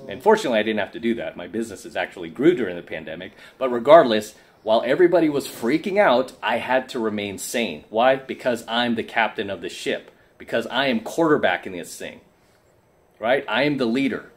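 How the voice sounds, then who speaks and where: A man's voice: fairly low pitch, lively intonation, a little fast. A tired man giving an assertive, preachy coaching monologue to camera, often asking "right?". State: tired from lack of sleep. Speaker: self-help coach.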